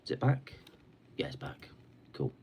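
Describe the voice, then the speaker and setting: A slightly hoarse man hosting a casual live stream chat at his computer, rambling along while sucking a cough sweet. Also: a little slow, very noisy. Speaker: livestream host.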